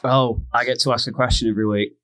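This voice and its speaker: A man's voice: medium pitch, fairly even intonation, background noise. A man co-hosting a comedy podcast, cheeky and jokey in casual chat. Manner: jokey, quick to laugh, cheeky. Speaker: podcast co-host.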